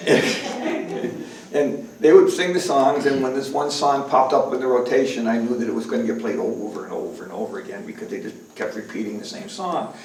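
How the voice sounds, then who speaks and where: Between songs in an indoor library performance room, a folk musician with a mid-range, slightly mellow voice banters fairly quickly with the audience. He's chatty and joking, ribbing the crowd, while a distant mic in the roomy hall picks up guitar playing.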